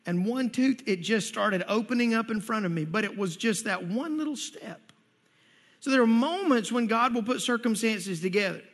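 A man's voice: very high-pitched, a bit bright. A man preaching a sermon, telling personal stories earnestly and building to emphatic points. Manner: earnest storytelling, rising emphatic near the end. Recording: long hall reverb.

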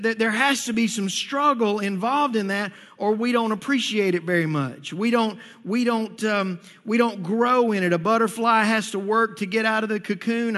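High, bright-voiced pastor in a reverberant hall. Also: male voice. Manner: storytelling with stammered restarts and acted-out quotes. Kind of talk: sermon. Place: church sanctuary. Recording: long reverb of a church hall.

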